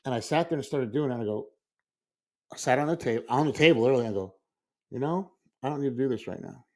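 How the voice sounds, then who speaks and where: On a casual podcast, a male school librarian speaks quickly in a medium-pitched voice. He recounts a story with animation, playing out his own reactions.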